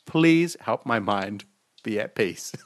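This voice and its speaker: A man's voice: on the low side, animated, slow pace. A man hosting a casual comedic talk show, reading stories aloud with mock outrage and frequent laughter. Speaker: show host.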